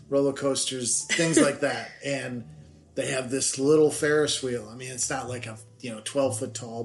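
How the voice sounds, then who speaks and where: A middle-aged man, guest on his daughter's podcast, telling family stories in a rambling, self-deprecating way with many restarts. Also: mid-range voice. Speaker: podcast guest, the host's father. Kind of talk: casual storytelling chat.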